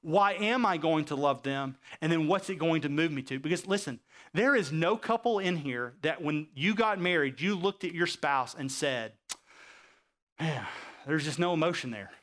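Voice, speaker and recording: High-voiced animated male preacher. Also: normal speed. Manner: animated preaching, acts out quoted voices, asks the audience questions. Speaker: pastor. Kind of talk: sermon.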